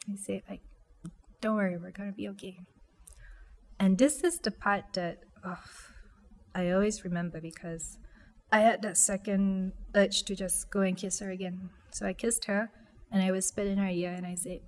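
A young woman quietly telling a personal story, halting with many fillers and restarts. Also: mid-range voice, steady tone.

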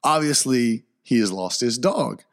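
A young man hosting a podcast, telling a story in an excitable, slangy way with sudden loud outbursts. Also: mid-range voice, a little slow. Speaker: podcast host. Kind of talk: casual solo podcast storytelling.

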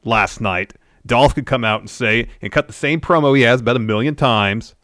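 A man's voice: medium pitch, moderate pace, a bit bright, no room sound, clean studio sound. A male podcast co-host casually recapping a wrestling show step by step, with plenty of filler words.

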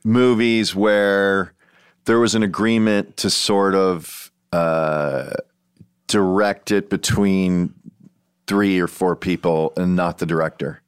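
A man's voice: low-pitched, fairly even intonation, slow, clear, resonant tone, no echo, clean studio sound. A man, an actor, chatting casually and rambling through his stories with plenty of "like" and hesitations. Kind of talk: casual conversation.

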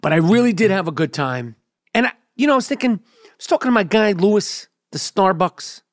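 A man's voice: sits high, lively intonation, fairly quick, no echo, clean studio sound. A man hosting a podcast, telling a rambling, profane, comedic story in casual chat. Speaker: podcast host.

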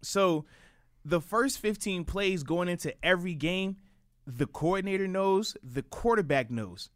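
A man co-hosting a sports talk show, a former football player explaining plays in a casual, animated way. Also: high-pitched, a little slow, no echo, clean studio sound.

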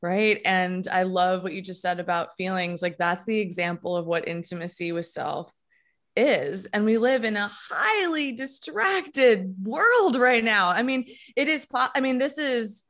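A woman's voice: medium pitch, unhurried, fairly bright tone. A woman co-hosting a podcast, speaking in a reflective, agreeing casual chat. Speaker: podcast co-host.

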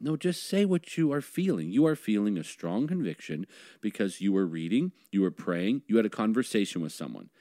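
A man's voice: on the low side, big pitch swings, a little fast, dark tone, dry recording, studio quality. A male host talking earnestly in a discussion, pressing on a point for his audience. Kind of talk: podcast discussion.

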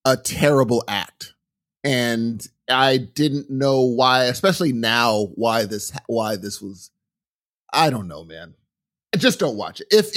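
Animated, rambling middle-aged man. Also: mid-range voice. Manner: rambling, animated storytelling with restarts. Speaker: podcast co-host. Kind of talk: casual chat.

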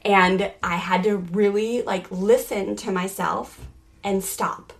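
Chatty, animated woman in her forties. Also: mid-range voice, slow pace, gravelly. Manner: animated, chatty, many "like" fillers. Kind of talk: casual storytelling.

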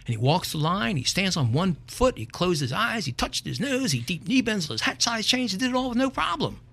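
An older man hosting a show, telling a comic story in a wry, animated way and chuckling at his own tale. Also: high voice, fairly quick, gravelly. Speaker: podcast host.

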